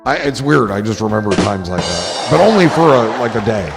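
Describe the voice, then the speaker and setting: A man's voice: fairly low pitch, sing-song, a little fast. A man hosting a livestream, chatting in a rambling, profane, joking way that often trails off. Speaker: livestream host. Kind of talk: rambling casual chat. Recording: clear music and crowd noise behind.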